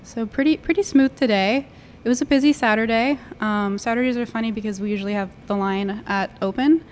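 A woman who works at the cafe, describing her workday in a friendly, measured way with many fillers. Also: fairly high pitch, a little hiss or hum. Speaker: cafe worker. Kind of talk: casual chat.

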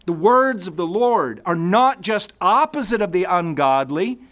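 A man's voice: sits high, sing-song, measured pace, a bit bright. A man preaching a sermon, emphatic, asking the congregation rhetorical questions and reading scripture aloud. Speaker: pastor.

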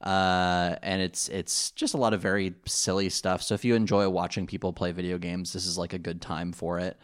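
Male podcast co-host, lower voice, loose rambling chat full of fillers. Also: flat delivery, moderate pace. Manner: rambling, many fillers and restarts, laughs easily. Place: home.

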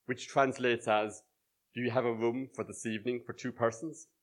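Man, middle-aged, live storytelling, wry dry humour, stage mic, medium pitch. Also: moderate pace. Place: small live venue with audience.

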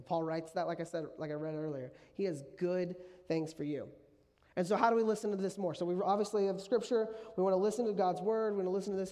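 A man's voice: sits high, mellow, in a large hall. A man preaching a sermon as pastor, conversational, often repeating key phrases for emphasis. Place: church sanctuary.

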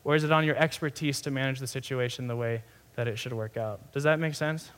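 A man's voice: medium pitch, fairly even intonation, fairly quick, a bit bright. A young adult man giving a sermon in a conversational, earnest way, often restarting phrases and saying "like". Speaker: pastor.

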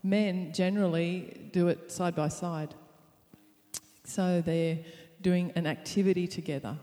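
A woman's voice: on the low side, steady tone, a little slow, mellow. Playful woman preaching in a hall. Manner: playful, upbeat preaching with laughter. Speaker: pastor's wife. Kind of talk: sermon on marriage.

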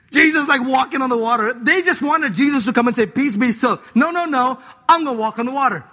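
High, bright-voiced playful preacher man. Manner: animated, playful, acting out voices and laughing; mixes scripture with slang like "dude". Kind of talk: sermon.

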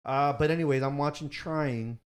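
A man's voice: fairly high pitch, moderate pace. Young man rambling on his podcast. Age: young adult. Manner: rambling, self-correcting, recommends shows. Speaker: podcast host. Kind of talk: casual podcast chat.

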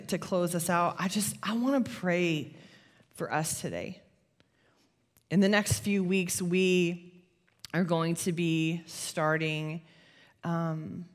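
Woman preaching a chatty sermon. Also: lowish voice. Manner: conversational, animated storytelling with laughs. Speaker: pastor.

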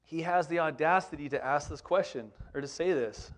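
Man, pastor preaching casually, animated, higher register, lots of questions to the room. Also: moderate pace, hardly any pauses. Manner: conversational and animated, rhetorical questions. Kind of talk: sermon.

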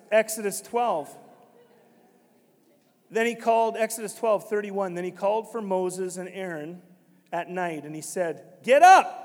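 A man preaching a sermon as pastor, swinging from quiet, conversational stretches to sudden loud, emphatic shouts. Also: a little high, long reverb tail.

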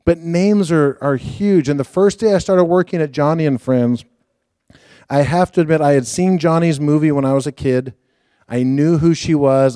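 A man's voice: on the high side, moderate pace, smooth, no room sound, clean studio sound. A middle-aged man preaching a sermon, telling stories and acting out the quotes as he goes. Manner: storytelling, animated, acts out quotes. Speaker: guest preacher.

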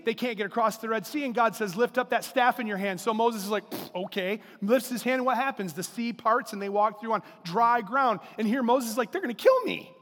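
High-voiced pastor preaching in a reverberant hall. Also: male voice. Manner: animated preaching with acted-out quotes. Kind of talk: sermon. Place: church sanctuary.

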